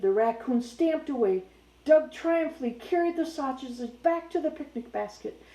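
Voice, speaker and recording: A woman's voice: on the high side, mellow, roomy sound, rough recording. A young woman reading a children's picture book aloud, who keeps breaking off to chat playfully with her dog.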